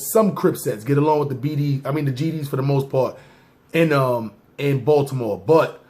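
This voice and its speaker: A man with a fairly high voice talks through a casual podcast story and turns to his audience often. His speech is loose and heavy with slang. He drops into quick mock voices to act out scenes. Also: a little mellow. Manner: loose slang-heavy talk, often addressing listeners as "y'all". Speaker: podcast host. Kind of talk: casual street storytelling to viewers.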